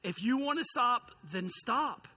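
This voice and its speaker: A high-pitched man preaching to a congregation. His voice is bright and a little husky, and he tells stories in a lively, self-mocking way, full of humor. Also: measured pace. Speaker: youth pastor. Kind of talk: sermon storytelling.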